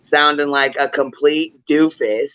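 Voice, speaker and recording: A man's voice: on the high side, fairly even intonation, measured pace, clear, resonant tone, dry recording. A man hosting a casual gossip livestream, laughing often and swearing freely as he mimics other people. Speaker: livestream host. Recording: lo-fi stream audio.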